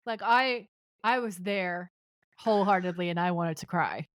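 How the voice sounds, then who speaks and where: Woman co-host, lowish voice, casual episode recap, dry close sound. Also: moderate pace, no echo. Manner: retells scenes and reads out dialogue with chatty asides. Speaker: podcast co-host.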